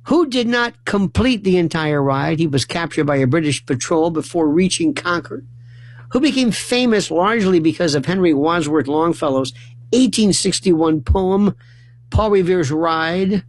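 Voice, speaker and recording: A man hosting a late-night call-in radio show, delivering a rambling monologue that keeps breaking off and restarting, with sudden loud outbursts. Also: fairly high pitch, lively intonation, moderate pace, slight background noise. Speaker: radio talk show host.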